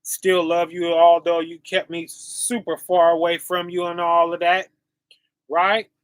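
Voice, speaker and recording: Slow bright-voiced male street preacher. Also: fairly high pitch, monotone, dry recording. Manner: preachy, rhetorical, keeps asking "right?". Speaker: online preacher. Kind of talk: sermon to camera.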